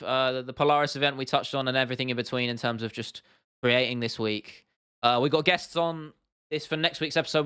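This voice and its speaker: A man's voice: mid-range voice, bright, forceful tone, clear, resonant tone. A young man with a southern English accent, hosting a casual livestream, chatty and laughing often as he answers viewer comments. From southern England. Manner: chatty, laughs often, repeats himself, addresses chat as bro and lad. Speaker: MMA livestream host.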